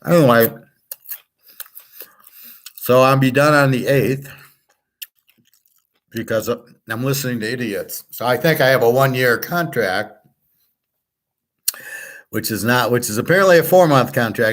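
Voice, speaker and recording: A man's voice: mid-range voice, unhurried, long pauses, fairly bright tone. A man hosting his own show, ranting casually and with frustration, swearing and acting out the exchanges he quotes. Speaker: sports picks show host. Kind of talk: casual monologue.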